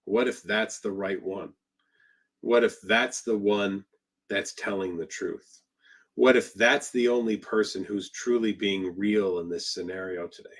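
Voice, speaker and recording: A man's voice: fairly low pitch, a little slow. A man acting out the nagging inner voice of a doubting disorder, repeating its questions insistently.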